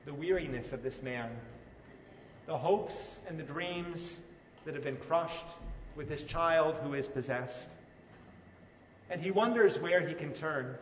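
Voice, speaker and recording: A man's voice: fairly high pitch, slow pace, pauses often, slight background noise. A man preaching a sermon, earnest and speaking directly to his listeners with questions. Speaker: pastor. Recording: echoey hall from far off.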